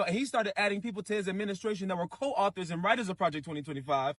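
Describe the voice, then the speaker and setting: A man's voice: sits high, a bit bright, dry recording, clean studio sound. Blunt, scolding man ranting. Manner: scolding, blunt, casual slang. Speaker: commentator. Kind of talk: ranting commentary.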